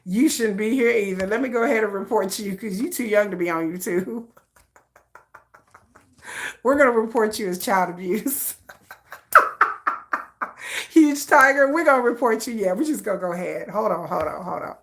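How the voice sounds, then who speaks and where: A woman's voice: mid-range voice, expressive, normal speed, pauses often. A woman hosting a casual livestream, teasing her chat and laughing often. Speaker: livestream host.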